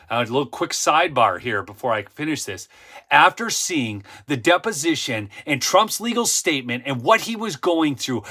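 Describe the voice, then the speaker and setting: A man's voice: fairly high pitch, pushed and bright. A man hosting a casual political livestream, ranting emphatically, repeating points and tossing in "okay?" asides. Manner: frequent "okay?" asides and self-interruptions.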